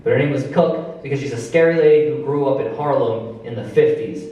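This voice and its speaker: A stand-up comedian in a club, talking at an everyday middle pitch. He tells a family story in a loose, deadpan way. The mic sits back from him, so his voice rings around the echoey room. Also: fairly quick, distant mic, dull audio. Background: audience laughter.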